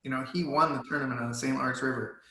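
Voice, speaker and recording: A man's voice: mid-range voice, fairly even intonation, rapid-fire, pushed and bright, reverberant, low-quality recording. A man guest in a virtual Q&A, telling a personal story in an earnest, emotional way. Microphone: video call.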